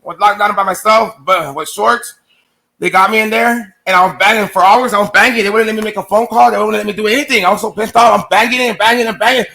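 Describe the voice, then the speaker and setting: A man's voice: high voice, quick pace, creaky, pushed and bright. A man casually telling a long personal story to his viewers, rambling and swearing, acting out what others said to him. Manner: rambling, profane, acts out quoted exchanges.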